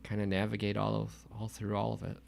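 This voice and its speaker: A man's voice: on the low side, completely flat delivery, quick pace, creaky, darkish tone. A young man co-hosting a casual podcast chat, laid-back and teasing. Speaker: podcast co-host.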